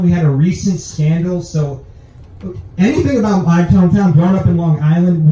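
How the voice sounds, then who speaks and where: A young man doing a stand-up comedy set on a club stage, animated and jumping into high voices for his punchlines. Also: recorded from a distance. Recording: very echoey club room, mic set back.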